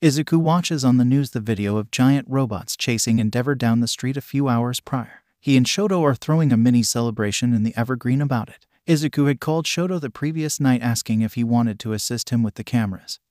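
A man narrates a fan fiction story reading in an even, steady way. His pitch sits in an ordinary middle range. The sound is dry and close, with no room echo. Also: brisk, hardly any pauses.

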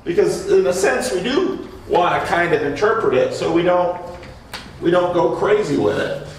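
A man's voice: high-pitched, sing-song, normal speed, a little hiss or hum. A man leading a Bible study in a church meeting room, explaining a passage in a chatty way and often restarting his phrases. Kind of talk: conversational Bible teaching. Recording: echoey room, mic from a distance.

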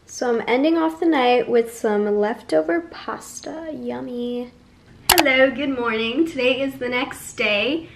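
A woman's voice: a little high, a little slow, creaky, noisy background. A young woman talking casually to the camera in a vlog, chatty with lots of filler words. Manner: chatty, filler-heavy "like" talk. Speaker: vlogger.

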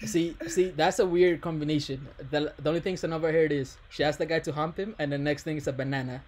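Young male host, teasing and excitable, slightly raised pitch, faint noise under the webcam audio. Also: fast talker. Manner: teasing, hyped, calls everyone bro. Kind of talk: playful chat with strangers online. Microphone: webcam video chat.

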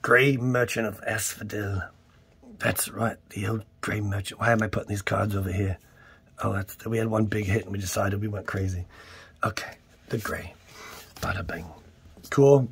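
A man hosting a casual card-opening video, playful and exclamatory with goofy catchphrases, sometimes dropping to a hushed near-whisper. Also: lowish voice, fairly even intonation, normal speed, breathy edge. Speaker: card-opening channel host. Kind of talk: casual unboxing commentary.

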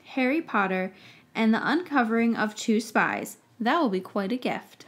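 A jittery, scheming wizard minister, read aloud by a woman speaks fast, his voice shaking as he tries to sound in control. He sits a touch higher than the narration around him and comes across as a cornered blusterer in a dramatic storybook reading. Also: animated, close to an everyday voice. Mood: nervous bluster. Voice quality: trembling voice. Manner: speaks quickly, hiding nerves. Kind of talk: dramatic audiobook-style reading.

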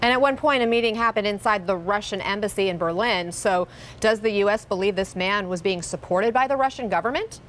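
A woman news anchor reading a report and interviewing a guest in a clear, measured broadcast delivery. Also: medium pitch, fairly bright tone, slight background noise.

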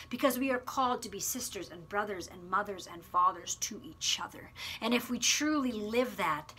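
A woman preaching a sermon to a school community, animated and expressive, closing with a prayer. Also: medium pitch, moderate pace, slightly rough.

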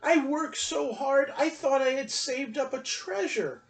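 A man voicing an earnest, hopeful poor little boy in a storybook reading, with a high, plaintive childlike voice. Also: sing-song, slow, fairly bright tone, far from the mic, faint music behind, exaggerated voice. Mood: despairing.

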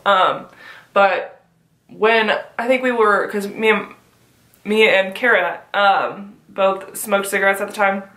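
A woman's voice: mid-range voice, fairly bright tone, roomy sound, rough recording. A young woman vlogger casually telling a wild personal story, swearing often and laughing through it. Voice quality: frequent swearing.

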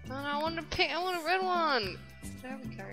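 A young woman giving casual, profane let's-play commentary, reacting loudly and insulting her own game character. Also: high-pitched, fairly quick, over music. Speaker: gameplay commentator.

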